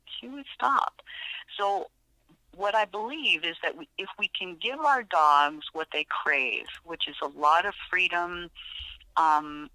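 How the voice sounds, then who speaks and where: A woman's voice: lowish voice, a little slow, sharp tone, dry recording, poor audio. A woman animal behaviorist chatting as a podcast guest, telling stories with frequent fillers and restarts. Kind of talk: podcast interview.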